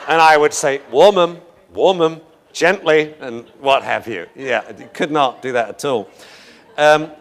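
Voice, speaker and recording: A man lectures a class on dog behavior, joking with the room, laughing often and drifting into rambling anecdotes. His voice is on the high side and a bit bright, with a little hiss or hum in the recording.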